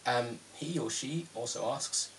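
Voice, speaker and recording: A man's voice: mid-range voice, measured pace, vocal fry, a bit bright, recorded from a distance, a little hiss or hum. A man in his thirties from London with a British accent, answering viewer questions in a chatty, self-deprecating vlog with frequent ums. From London, England. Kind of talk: casual Q&A vlog.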